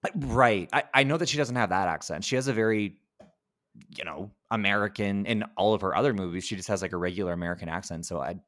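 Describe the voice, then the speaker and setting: A man's voice: lowish voice, quick pace, a bit bright, dry recording, clean studio sound. A man hosting a film podcast, chatting casually with fillers and frequent laughs. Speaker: podcast host. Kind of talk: casual film review chat.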